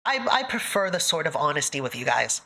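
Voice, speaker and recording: A woman's voice: low-pitched, sing-song, fairly quick, bright, forceful tone. A woman streamer chatting with her live audience, emotional and close to tears, laughing often between thank-yous. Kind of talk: casual live-stream chat.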